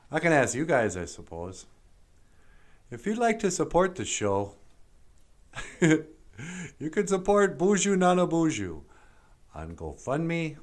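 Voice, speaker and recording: A man hosting a puppet show, musing wryly in a drawling, self-mocking way. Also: lowish voice. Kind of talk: casual musing monologue.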